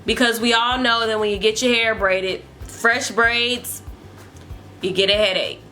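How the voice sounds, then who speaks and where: Young woman, bright tense voice, a bit high, exasperated chatty vlogging, faint music behind. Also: steady tone, unhurried. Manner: exasperated, chatty, full of fillers. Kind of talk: storytime vlog.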